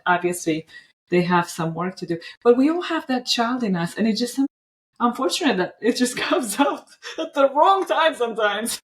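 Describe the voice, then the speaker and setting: A woman's voice: a little high, lively intonation, normal speed. A woman podcast host in casual conversation who responds in a reflective, affirming way. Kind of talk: casual interview talk.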